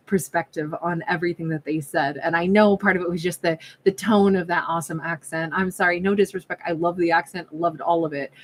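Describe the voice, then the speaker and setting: In a low-leaning voice, a woman chats and muses through a relaxed tarot reading, breaking off and starting over often and playing out imagined exchanges. The audio quality is poor.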